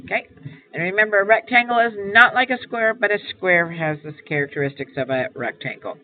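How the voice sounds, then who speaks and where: A woman's voice: medium pitch, brisk. A woman math teacher walking through a homework assignment, explaining each step patiently and repeating key points. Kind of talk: homework walkthrough lesson. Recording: tinny phone-like sound, faint hiss.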